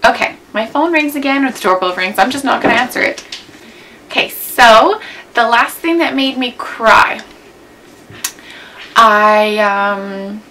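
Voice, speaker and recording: A beauty vlogger in her twenties chats casually at home for a tag video, rambling with plenty of "like" and "um." Her voice is fairly high and sharp-toned. The camera mic recording is rough, with a little hiss or hum.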